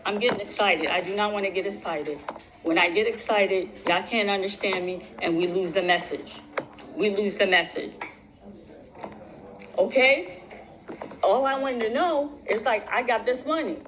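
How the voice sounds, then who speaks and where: A woman's voice: medium pitch, normal speed, fairly bright tone, poor audio. A woman vlogger telling her viewers a long personal story in casual talk. She keeps repeating phrases for emphasis and restarts her sentences.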